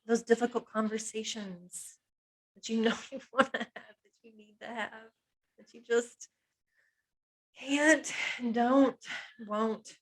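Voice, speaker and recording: A woman's voice: on the high side, fairly even intonation, slow, pauses often, a bit bright, poor audio. A woman hypnotherapist talks through a masterclass in a confiding, personal way. She lists painful feelings one at a time in short, weighted phrases. Small laughs slip in between her words. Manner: earnest and confiding, draws on her own life. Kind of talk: personal teaching talk on emotional pain.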